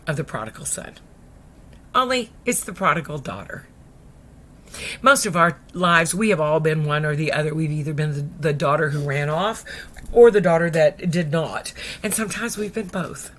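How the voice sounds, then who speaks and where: A woman preacher telling a parable in an animated, folksy style, dropping at times to near whispers. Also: sits low, normal speed, a little hiss or hum. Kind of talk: storytelling sermon.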